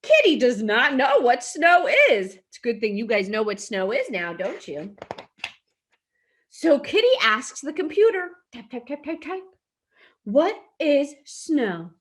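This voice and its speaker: A woman's voice: on the high side, big pitch swings, measured pace, fairly bright tone. A woman teaching an online preschool class, reading a storybook aloud and gasping and asking the children questions. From lives in a hot desert city in the US west.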